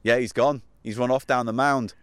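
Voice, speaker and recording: A man's voice: mid-range voice, steady tone, normal speed, smooth, no room sound. A man hosting a comedy podcast, blunt and sweary, directing the bits outdoors on a hill. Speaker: podcast host. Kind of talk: improvised comedy banter.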